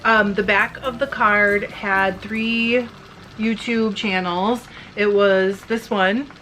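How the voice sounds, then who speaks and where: A middle-aged woman who makes fiber arts videos, chatting candidly and emotionally with viewers while she spins, rambling with quick asides and a slightly teary edge. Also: mid-range voice, fairly even intonation, sharp tone, a little hiss or hum. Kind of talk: casual chat to viewers while spinning.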